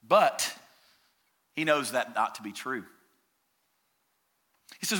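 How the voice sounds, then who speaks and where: A man preaching a sermon as a pastor, emphatic, swinging from loud declarations down to hushed, drawn-out words. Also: mid-range voice, expressive.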